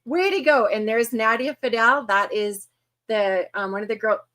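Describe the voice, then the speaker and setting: Woman in her 50s hosting a live chat show, greets everyone by name, slightly higher voice, laughs a lot. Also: moderate pace, fairly bright tone. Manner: chatty, greets viewers one by one, laughs often. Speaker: host. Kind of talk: casual livestream chat.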